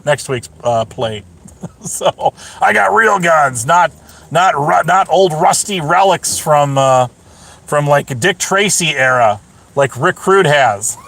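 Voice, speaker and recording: A man's voice: fairly high pitch, fairly bright tone. A man hosting a livestream, rambling sarcastically to his chat and laughing often. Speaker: livestream host. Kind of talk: casual rambling livestream talk.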